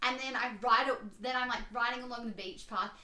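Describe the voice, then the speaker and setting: A young woman in her twenties, telling a story in a casual chat, animated and rambling with lots of "like". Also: on the high side, fairly quick. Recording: roomy echoey room.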